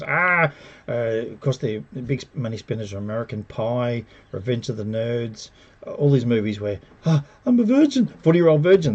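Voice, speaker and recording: A man giving a casual, sarcastic spoken review, animated and mocking the characters as he retells scenes. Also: mid-range voice, lo-fi sound. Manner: animated, sarcastic, mocks characters with put-on quotes. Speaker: TV show reviewer.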